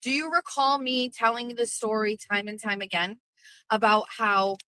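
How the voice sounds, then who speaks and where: A middle-aged woman hosting a livestream podcast, ranting in a brash, profane, animated way. Her voice sits high and sounds bright and forceful. The recording is dry and close. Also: moderate pace, no room sound, poor audio. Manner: brash, swearing, animated storytelling. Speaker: podcast host.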